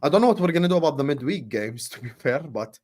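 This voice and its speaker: A man hosting a casual football podcast, relaxed and chatty, dropping in Arabic phrases. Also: a little high, quick pace. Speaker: podcast host.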